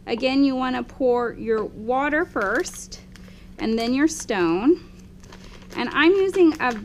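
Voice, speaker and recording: A woman's voice: on the high side, a little hiss or hum. A woman, a dental instructor demonstrating lab steps and often checking in with "okay?".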